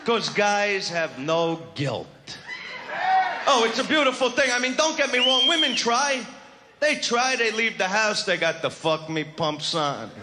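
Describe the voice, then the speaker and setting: Swaggering crude male comic, high lively voice, live noisy room. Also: measured pace. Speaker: stand-up comedian. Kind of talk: live stand-up routine. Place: comedy stage before an audience. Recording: live show with loud crowd laughter and noise.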